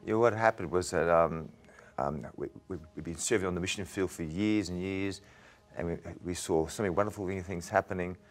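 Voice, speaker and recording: A man, an evangelist, giving an earnest, halting testimony in an interview, often repeating words as he talks. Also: low-pitched. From Australia. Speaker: evangelist guest.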